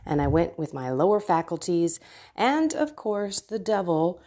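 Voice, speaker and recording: Husky, earnest woman podcast host. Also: fairly low pitch, big pitch swings, unhurried, warm tone. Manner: earnest, personal, exhorting listeners. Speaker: podcast host and faith coach. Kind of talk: casual devotional podcast talk.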